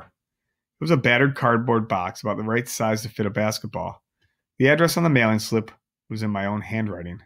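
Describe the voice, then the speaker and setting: A man's voice: lowish voice, a bit bright. A man reading a novel aloud, adding casual chatty asides to his listeners. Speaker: audiobook reader.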